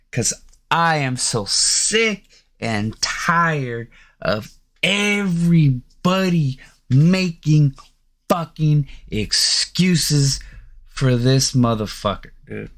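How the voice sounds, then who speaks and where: A man hosting a sports podcast, ranting in a heated, profane, rambling way with plenty of filler. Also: mid-range voice. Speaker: podcast host. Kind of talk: casual sports rant.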